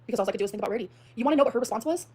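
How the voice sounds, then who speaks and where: A woman's voice: fairly high pitch, lively intonation, rapid-fire, very noisy. A woman ranting dramatically in a vlog, swearing often and telling a heated personal story. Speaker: streamer in a clip being reacted to.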